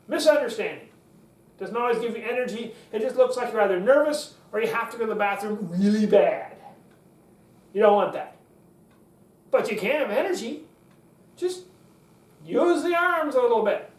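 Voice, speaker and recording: A man giving a lesson on public speaking, acting out what he teaches with sharp rises and drops in his voice. He sits a little back from the microphone in a room with a clear echo. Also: distant mic. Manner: demonstrative, swings pitch up for energy and down for authority. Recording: echoey room, voice from off the mic.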